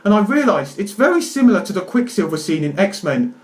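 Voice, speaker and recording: A man's voice: high-pitched, sing-song, a little fast. A young man rambling through a casual film review to camera at home, stammering and exaggerating for laughs. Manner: rambling, self-interrupting, jokey exaggeration. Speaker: video reviewer.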